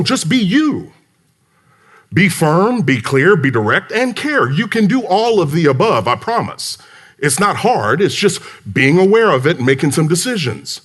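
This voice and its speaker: A man delivers a motivational talk on leadership to a conference crowd. He tells his stories with animated emphasis and plays out each side of the conversations himself, letting his voice climb high and drop low. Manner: animated storyteller, acts out dialogue, emphatic. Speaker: business speaker. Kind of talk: motivational talk to a live audience. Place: conference hall.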